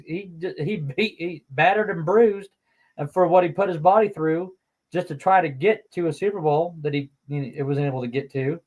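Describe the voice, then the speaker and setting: A man co-hosting a casual sports talk show, relaxed, reading listener messages aloud with plenty of you knows. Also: fairly high pitch, rough recording. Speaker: co-host.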